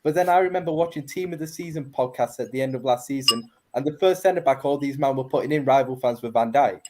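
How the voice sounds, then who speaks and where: A man's voice: mid-range voice, fast talker, noisy background. A man, arguing his football opinions emphatically in a heated panel debate. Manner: opinionated, emphatic, says innit.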